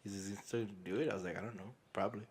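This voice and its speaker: A man co-hosting a casual wrestling podcast, retelling events excitably, acting out quotes and swearing often. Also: fairly low pitch, very fast, husky. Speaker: podcast co-host. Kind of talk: casual chat.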